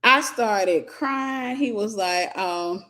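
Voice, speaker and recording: An American woman hosting a candid Christian teaching talk, telling a humorous personal story in an animated, confessional way. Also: mid-range voice, very slow. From United States.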